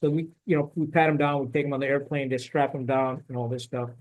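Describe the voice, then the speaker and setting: A man's voice: medium pitch, quick pace. A man, a former Marine officer, telling war stories in a casual interview with blunt, salty language. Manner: blunt, salty, animated storytelling.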